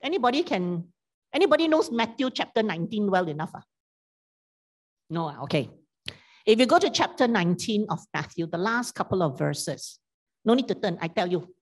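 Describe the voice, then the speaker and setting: A woman's voice: mid-range voice, very animated, normal speed. A woman preacher, telling a parable in a sermon and teasing the congregation with questions.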